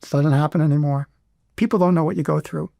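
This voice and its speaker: A middle-aged man, a veteran guest in an interview, speaking with emotion and pausing often to restart. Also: a little high, fairly even intonation, vocal fry, dark tone, no room sound, clean studio sound. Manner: emotional, halting, many restarts.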